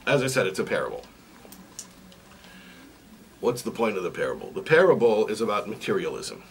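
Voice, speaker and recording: A man's voice: lowish voice, huge pitch swings, brisk, creaky. A man giving a weekly religious lesson, asking repeated questions and telling a parable, recorded on a distant mic with faint noise. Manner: repetitive, questioning, storytelling. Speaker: religious teacher. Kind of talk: sermon with a parable.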